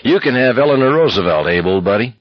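A man voices a sardonic young man full of crude jokes and mock speeches. The voice rises a little above the reader's low, husky tone, on a slightly muffled recording. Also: expressive, fast talker, no room sound, close to an everyday voice. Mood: joking. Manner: wisecracking, mocking.

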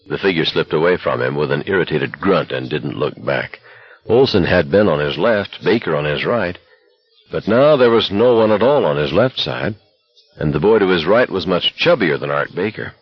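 A man giving scripted audiobook narration in a measured, somber storytelling manner. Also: sits low, husky, no echo, muffled recording.

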